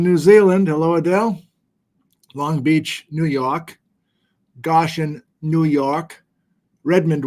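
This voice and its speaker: A middle-aged man with a slightly high voice hosts a casual livestream from a home studio. He chats loosely and pokes fun at himself while reading out viewer locations. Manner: chatty, self-deprecating, reads viewer locations aloud. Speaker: livestream host. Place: home studio with document camera.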